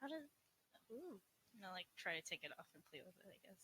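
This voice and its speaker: Bright excitable woman playing a tabletop game. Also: medium pitch, fast, husky. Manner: excitable, cheering. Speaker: player.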